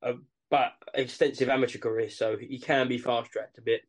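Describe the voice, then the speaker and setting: A man's voice: medium pitch, little pitch movement, brisk. A man with an East London accent co-hosting a podcast, talking casually and jokily about boxing. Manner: laid-back, jokey, says mate. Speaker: podcast co-host.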